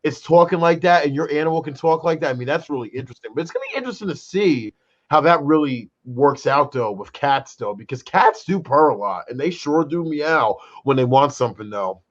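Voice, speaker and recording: Lively, animated man on a dull, lo-fi recording. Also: fairly high pitch, brisk. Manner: animated, peppered with "though" and "brother". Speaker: co-host. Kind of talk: casual chat. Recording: dull lo-fi sound.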